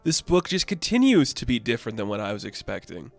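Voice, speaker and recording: A man's voice: medium pitch, big pitch swings, fast talker, gravelly, dry recording, soft background music. A man chatting casually through a comic book review, rambling and filling gaps with "like". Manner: rambling, many "like" fillers.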